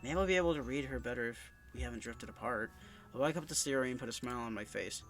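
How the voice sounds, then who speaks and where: A man's voice: medium pitch, fast, soft background music. A young man with a stuffy nose from sinuses, reading a visual novel game aloud in a subdued, somber way with stumbles. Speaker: let's-play narrator.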